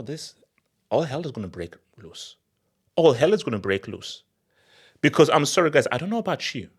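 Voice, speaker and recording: A young man hosting a football channel, talking in an excitable, laughing rant. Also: fairly low pitch. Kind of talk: animated football commentary vlog.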